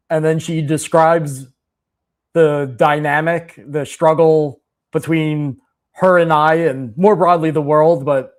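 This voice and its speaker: Guy hosting a podcast, kinda high voice, rambles and restarts a lot, animated. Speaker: podcast host. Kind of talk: casual commentary.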